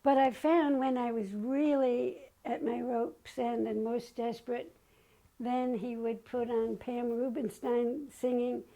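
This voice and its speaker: A woman's voice: fairly high pitch, fairly even intonation, takes it slowly, dark tone, poor audio. An older woman telling personal stories in a chatty way, often acting out what people said. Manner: chatty, acts out remembered dialogue. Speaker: guest. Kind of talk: personal storytelling.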